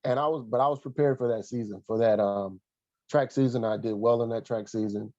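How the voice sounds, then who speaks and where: A man recalling his past in an interview, earnest and halting, pausing often with fillers and restarts. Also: medium pitch, fairly even intonation, a little mellow, no room sound, highs cut off. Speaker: guest, former college athlete and coach. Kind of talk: reflective interview storytelling.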